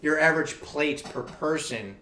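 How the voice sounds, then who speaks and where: A man hosting a casual interview show, telling a story in a profane, animated way. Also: on the high side, moderate pace, echoey room, recorded from a distance, slight background noise. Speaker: host.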